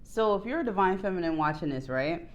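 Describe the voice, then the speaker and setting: A woman doing a casual tarot reading to her viewers, candid and profane, jumping between quiet low asides and loud excited outbursts. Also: fairly quick. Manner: candid, swears freely, bursts into laughs. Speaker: tarot reader.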